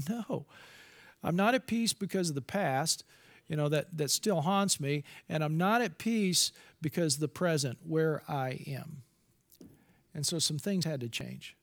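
High-voiced man preaching a confessional sermon. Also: unhurried. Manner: candid, confessional, with restarts and asides.

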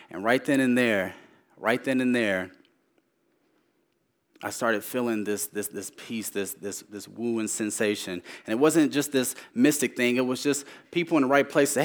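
A man's voice: medium pitch, steady tone, moderate pace. Man preaching his testimony, repeating lines. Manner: repeats phrases for emphasis, swings between raised urgent lines and hushed ones. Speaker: speaker sharing his testimony.

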